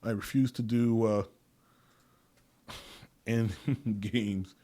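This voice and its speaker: A man hosting his own podcast alone, rambling and swearing, laughing often and losing his words, swinging between loud bursts and quiet mutters. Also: fairly low pitch, fairly even intonation, very slow, long pauses. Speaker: podcast host. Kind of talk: casual solo monologue.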